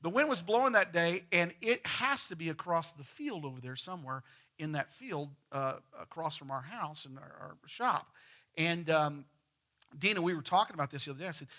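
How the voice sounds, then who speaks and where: Folksy West Texas pastor, high bright voice. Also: male voice, lively intonation, normal speed. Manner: folksy storytelling, repeats words when starting. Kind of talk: sermon with a told joke. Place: church sanctuary.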